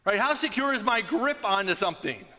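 Male pastor, high bright voice, casual preaching style, long hall echo. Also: lively intonation, brisk. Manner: conversational, checks in with "right?" often. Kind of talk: sermon.

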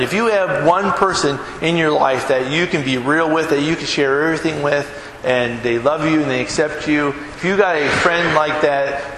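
A middle-aged pastor delivers a conversational sermon to his church in a hall, frequently asking the congregation "right?" His voice is a little high and fairly bright, recorded in an echoey space with room noise.

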